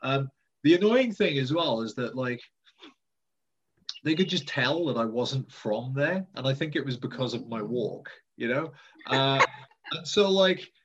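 A man's voice: medium pitch, animated, a little slow, muffled recording, a little hiss or hum. A man in casual conversation as an interview guest, rambling and self-deprecating, with many fillers and restarts. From Britain.

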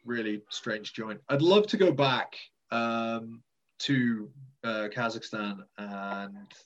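A man chats loosely as an interview guest, trailing off and restarting with plenty of ums and likes. His voice sits at an ordinary middle pitch. The recording is a little dull and muffled. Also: slow, slight background noise. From Britain. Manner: rambling, self-deprecating, many fillers and restarts. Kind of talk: casual conversation.

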